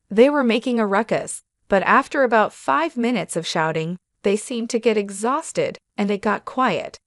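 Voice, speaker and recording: A woman narrating a scripted first-person story with an even, steady reading. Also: medium pitch, normal speed, hardly any pauses, no echo, studio quality.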